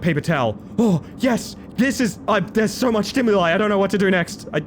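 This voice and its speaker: A man, chatting excitedly as he streams a game live. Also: sits high, brisk, hardly any pauses, a little hiss or hum. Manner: excitable, chatty, bursts into loud exclamations. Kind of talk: live gameplay commentary.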